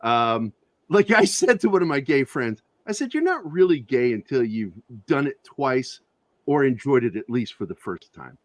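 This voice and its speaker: A man who is a guest on an interview show, telling profane, animated anecdotes with a lot of laughter in casual conversation. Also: medium pitch, normal speed, no room sound. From Virginia, USA. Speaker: interview guest, comic creator. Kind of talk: casual storytelling.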